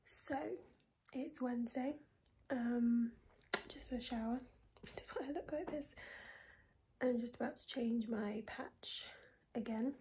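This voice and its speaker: A woman in her twenties talking casually in a video diary, soft and breathy, often near a whisper, low and tearful. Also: slight background noise. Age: 20s. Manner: soft, breathy and often close to a whisper, with many pauses and fillers. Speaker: vlogger.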